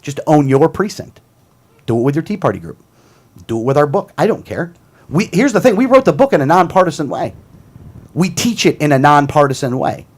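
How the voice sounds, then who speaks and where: Male talk show host, casual political rant, combative, heated, slightly high voice, very lively pitch. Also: brisk. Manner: heated, combative, repeats himself.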